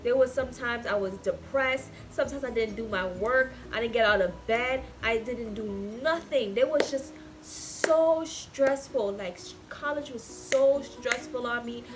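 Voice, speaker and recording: A woman in her twenties venting in a casual vlog, talking emotionally and swinging between loud and soft. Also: a little high, unhurried, hardly any pauses. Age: 20s. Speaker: vlogger.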